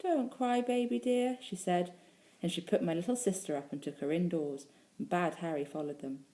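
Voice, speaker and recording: A woman's voice: low-pitched, steady tone, fairly quick, dark tone. A female primary school teacher reading a storybook aloud expressively, stopping to talk to the children listening.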